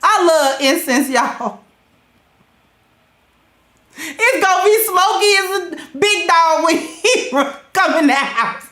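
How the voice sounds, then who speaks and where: A woman with gives casual advice. She talks in a high, unhurried voice, laughs often and acts out little scenes. The room around her sounds echoey. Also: animated, bright, forceful tone. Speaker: podcast host.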